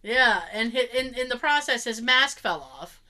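Lively Boston woman telling stories. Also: on the high side, normal speed. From Boston area. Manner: animated storyteller, laughs often, acts out quotes. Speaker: podcast co-host. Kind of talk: casual chat.

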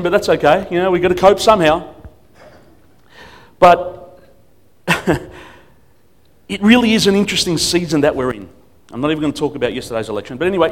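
This is a man giving a sermon as a guest pastor. His voice sits a little high for a man. He mixes humor into his stories and acts out the voices of the people in them. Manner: storytelling with humor and acted quotes.

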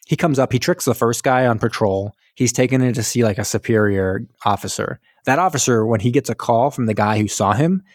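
A man's voice: medium pitch, brisk, few pauses, no room sound, studio quality. A man on a podcast retelling a war film in casual chat, acting out characters' lines, swearing and laughing. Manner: animated storytelling, acts out lines, swears and laughs. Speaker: podcast co-host.

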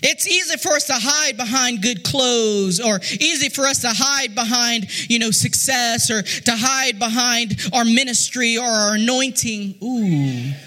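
A man preaching a sermon in a rising, sing-song cadence that swells into shouted, half-sung lines. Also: very high-pitched, unhurried, few pauses.

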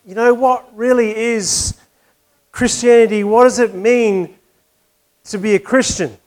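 A man's voice: extremely high pitch, steady tone, a little slow, a little mellow. A man preaching a conversational sermon, asking questions and telling a wry joke.

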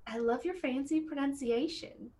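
A woman playing a tabletop game, talking in character in a quick, playful way over an online call. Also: high-pitched, dark tone. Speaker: player. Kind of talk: in-character role-play chat. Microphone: online call microphone.

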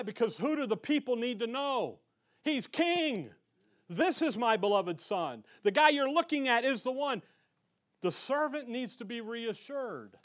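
A male Bible teacher leads a verse-by-verse lesson in a fairly high voice. He talks with punchy energy and keeps firing rhetorical questions at his class. He reads scripture passages aloud between his points.

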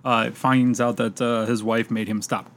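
A man in casual chat, halting and searching for his words. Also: medium pitch, flat delivery, fairly bright tone.

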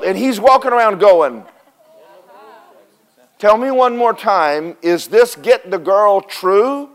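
A man preaching a sermon to a responding congregation, animated, with acted Bible voices and call-and-response. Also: sits high. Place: church service with congregation responding.

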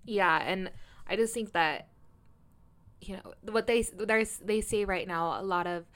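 Smooth clear-voiced woman hosting a chatty podcast, kinda musing out loud, trailing off a lot. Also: medium pitch, unhurried. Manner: loose, reflective, trailing phrasing. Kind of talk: casual podcast chat.

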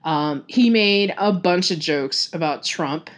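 A woman's voice: fairly low pitch, takes it slowly. A woman with a Texan accent telling fan stories on a casual podcast, chatty and full of fillers and laughs. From Texas. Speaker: podcast host.

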